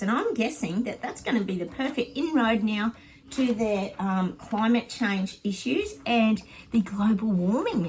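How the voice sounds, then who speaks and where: A woman's voice: mid-range voice, slightly rough, poor audio. A middle-aged Australian woman chatting casually to her viewers at home, rambling with lots of ums and friendly asides. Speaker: psychic vlogger.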